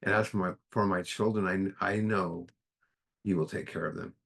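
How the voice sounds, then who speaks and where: Man plays God in a parable, low voice, calm and bargaining, barely acted. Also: normal speed, gravelly, heavily acted. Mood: tender. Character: stern yet loving God, male, all-powerful.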